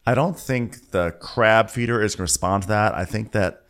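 A man's voice: lowish voice, moderate pace. A man co-hosting a podcast, chatting casually and jokily as he recaps a TV episode. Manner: animated, jokey, acts out quotes in big voices. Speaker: podcast co-host.

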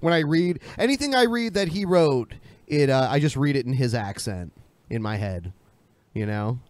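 A man's voice: medium pitch, animated, normal speed, darkish tone, no room sound. A man hosting a podcast, talking loosely with profanity and laughs. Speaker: podcast host. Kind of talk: casual podcast banter.

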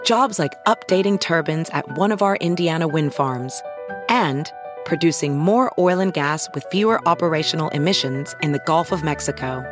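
A woman reading a corporate ad in a calm, measured announcer manner. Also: sits low. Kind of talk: corporate ad read. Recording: ad with music bed.

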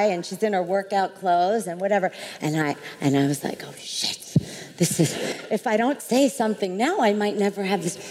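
A woman's voice: mid-range voice, a little mellow. A woman on a live panel, telling a story with lots of energy, often laughing and acting out quotes. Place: large hall, live event on stage. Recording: reverberant hall with faint noise.

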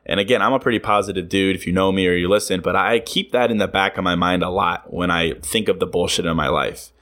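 Young guy doing a solo podcast, deep voice, swears a lot, chuckles at himself. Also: fast talker, a bit bright. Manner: candid, swears freely, laughs at himself. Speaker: podcast host. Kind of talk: casual solo podcast monologue.

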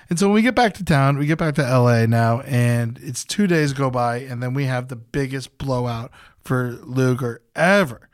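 A man's voice: medium pitch, moderate pace, smooth, no room sound, studio quality. A young adult man telling a long story in a loose, casual way, swearing freely and rambling through restarts. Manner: loose and profane, jumps into loud hype-man shouting when retelling. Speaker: podcast host.

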